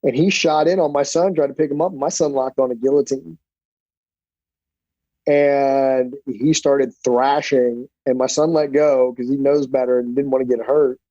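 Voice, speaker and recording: A middle-aged man, a guest on a podcast, telling stories in a blunt, profane, animated way. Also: medium pitch, moderate pace, no room sound. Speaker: podcast guest, black belt instructor. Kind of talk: casual storytelling interview. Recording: dull, dry podcast audio.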